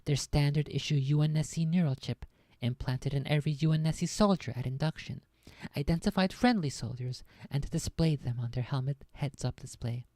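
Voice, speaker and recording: A woman's voice: sits low, fairly quick, dark tone, no echo. A woman streamer reading a science fiction novel aloud, breaking off now and then for chatty, laughing asides.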